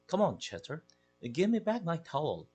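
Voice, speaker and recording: A man with a Korean accent voicing an easygoing father who explains things in a calm, reassuring way. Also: on the high side, normal speed, husky, pitched above the performer's own voice, exaggerated voice. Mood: mild.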